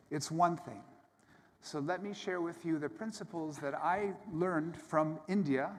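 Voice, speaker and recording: A man with a slightly high voice calmly leads a yoga class, giving gentle, step-by-step cues for breath and movement. He speaks into a microphone in a large hall, and his voice trails off in long reverb over a faint murmur of room ambience. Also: a little hiss or hum. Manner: calm, gentle, step-by-step cueing. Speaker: yoga teacher. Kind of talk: guided yoga instruction to a live audience.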